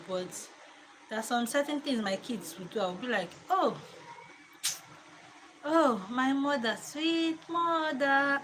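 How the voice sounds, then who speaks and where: A woman, a mother chatting casually to camera from her living room, reflective and quick to laugh. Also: mid-range voice, a bit bright, a little hiss or hum, rough recording. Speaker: mother and home vlogger.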